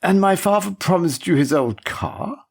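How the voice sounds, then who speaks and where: A man voicing a cold, ruthless male billionaire who speaks in slow, clipped questions. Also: high voice, lively intonation, gravelly, darkish tone, husky, voice pushed up, full character voice. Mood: icy.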